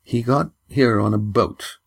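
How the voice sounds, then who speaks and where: A man voicing a calm, patient traveller who speaks steadily. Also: mid-range voice, unhurried, gravelly, no room sound.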